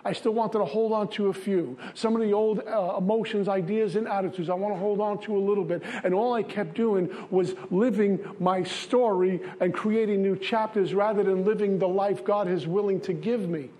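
High-voiced man. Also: steady tone, moderate pace, hardly any pauses, mellow. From Brooklyn, New York. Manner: earnest, repetitive, confessional. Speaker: recovery speaker. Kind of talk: recovery testimony talk.

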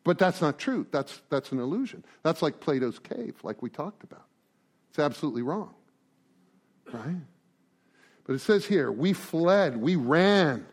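A middle-aged man speaking to a recovery group in a lively, fairly high voice that swings widely in pitch. He talks casually, acts out quick exchanges between people and keeps checking in with "right?". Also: husky. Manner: animated, acts out conversations, frequent "right?" and "man". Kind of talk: informal recovery talk.

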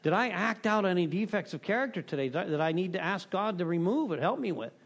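A middle-aged man talks candidly about recovery steps, with a voice placed slightly high for a man. He rambles, restarts and leans on "you know." His tone is self-deprecating and confessional. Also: expressive, fast talker, gravelly. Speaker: recovery meeting speaker.

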